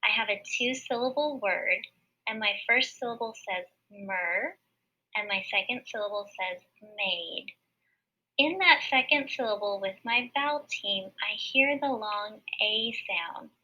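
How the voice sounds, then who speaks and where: Woman teacher doing a kids phonics lesson, bright husky voice, kinda muffled lo-fi audio. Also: medium pitch. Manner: slow, clear, patient step-by-step explaining. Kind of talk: recorded phonics lesson for children. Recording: dull lo-fi recording.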